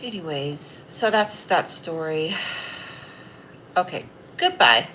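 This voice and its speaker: A woman's voice: deep voice, animated, slow pace, pushed and bright, slight background noise, rough recording. A woman hosting a casual livestream, rambling and teasing her viewers, with a stuffy nasal voice. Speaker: livestream host.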